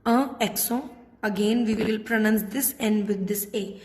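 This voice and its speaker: A woman's voice: mid-range voice, steady tone, measured pace, darkish tone. A woman teaching a French class patiently, spelling out letters and repeating words. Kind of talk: classroom lesson. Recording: echoey room with long reverb.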